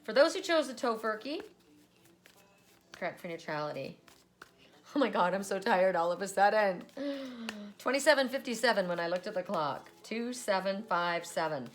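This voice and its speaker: A woman's voice: medium pitch, animated, normal speed. A woman doing a casual oracle card reading, chatty and laughing often as she repeats a set phrase.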